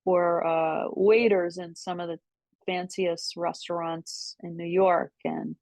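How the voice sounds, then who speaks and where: Animated older woman telling stories, dry sound. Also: lowish voice, slow pace, creaky, no echo. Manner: animated, laughing, mimics voices in quotes. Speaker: podcast guest. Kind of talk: casual storytelling. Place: New York City.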